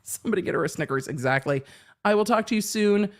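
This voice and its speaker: A woman's voice: medium pitch, fast talker. A middle-aged woman hosting a legal commentary livestream, chatting casually and laughing, with plenty of swearing. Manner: animated, laughing, swearing freely.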